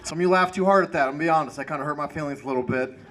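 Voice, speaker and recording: Male stand-up comic, slightly high voice, laid-back and self-mocking. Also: racing. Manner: self-deprecating, laid-back stoner delivery. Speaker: stand-up comedian. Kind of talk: stand-up comedy set. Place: comedy club stage with audience.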